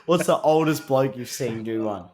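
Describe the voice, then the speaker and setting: A man's voice: medium pitch, moderate pace, a little mellow. A man co-hosting a casual podcast chat, easygoing and keen to tell a story. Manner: easygoing, says bro a lot, keen storyteller. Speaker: podcast co-host.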